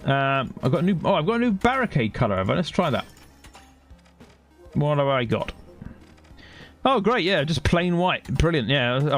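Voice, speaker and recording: Male streamer, dry sarcastic running commentary, slightly high voice, faint game music under. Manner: sarcastic, chatty, thinks aloud. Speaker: gaming streamer. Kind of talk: casual gameplay commentary.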